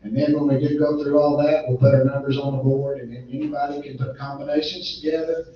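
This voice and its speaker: A man running a land auction, his voice a little strained, switching between plain folksy announcements and a rapid rhythmic bid chant. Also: medium pitch, flat delivery, slight background noise. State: strained voice from illness. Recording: echoey muffled room recording from a distance.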